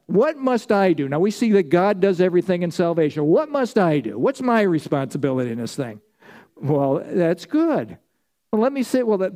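A pastor delivers an emphatic sermon in a voice that is high for a man, yet mellow and dark rather than bright. He builds each point through repeated phrases and calls on the congregation to answer back.

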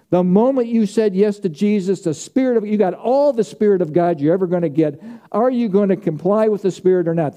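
A man's voice: high voice, warm tone. A man preaching a sermon, stressing key words by drawing them out and repeating phrases for emphasis. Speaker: pastor.

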